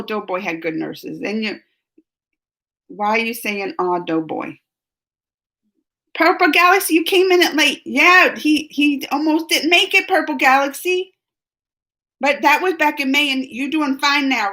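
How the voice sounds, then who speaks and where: A woman hosting a live stream, chatting casually with her viewers. She is emotional and laughs often, going from giggly to soft and earnest. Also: sits high, normal speed. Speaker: reaction channel host reading live chat.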